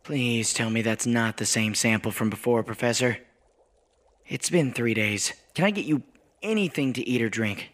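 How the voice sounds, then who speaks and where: A fed-up young assistant, played by a man who pushes back. His voice is bright and forceful, mid-pitched, with an edge of weary disbelief. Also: moderate pace, close to an everyday voice. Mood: exasperated. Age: young adult. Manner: exasperated, wary. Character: exasperated young male assistant.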